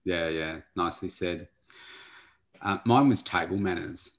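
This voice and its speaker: A male podcast host in a casual chat, asking quick-fire questions. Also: deep voice.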